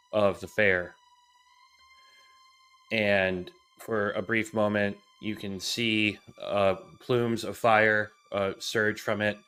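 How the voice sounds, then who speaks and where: A man narrating a tabletop role-playing game as game master, calm and descriptive, with frequent "uh". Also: fairly low pitch, smooth.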